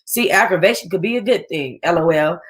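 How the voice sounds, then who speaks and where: A woman reading a novel aloud in an expressive way, with chatty asides to her listeners. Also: lowish voice, a little fast. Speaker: audiobook reader.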